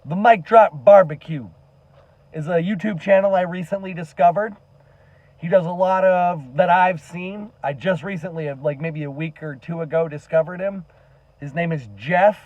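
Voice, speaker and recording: A man's voice: sits high, warm tone, no echo, dull audio. A man giving an earnest, impassioned monologue to camera as a commentary vlogger, emphatic and swearing now and then.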